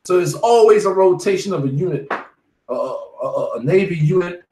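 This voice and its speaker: A man of about forty, a street bible teacher leading a study, preaches casually and tells war stories, emphatic and profane, tacking "man" onto nearly every phrase. His voice is high, animated, and a little mellow at a moderate pace. It was recorded in an echoey room with slight hiss or hum.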